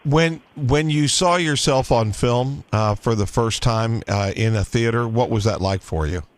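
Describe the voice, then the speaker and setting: A man's voice: mid-range voice, measured pace. A man hosting a radio interview, asking eager questions that often stumble and restart. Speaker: radio host.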